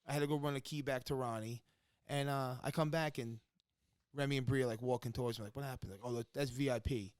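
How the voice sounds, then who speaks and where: A man's voice: mid-range voice, clear, resonant tone, no echo. A man co-hosting a podcast, telling stories in casual chat and acting out what people said. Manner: quick, animated retelling with quoted dialogue. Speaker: podcast co-host.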